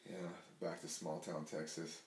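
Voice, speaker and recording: Man, very low voice, casual podcast chat, profane rambling, echoey room. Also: flat delivery, measured pace, a crowd in the background. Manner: rambling, profane, says "like" a lot. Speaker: returning podcast guest.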